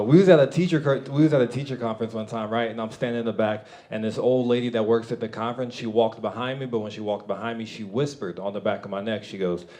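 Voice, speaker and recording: A man performing a stand-up comedy set, loud and animated, often laughing at his own jokes. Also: mid-range voice. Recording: live club with crowd laughter. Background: audience laughing and clapping.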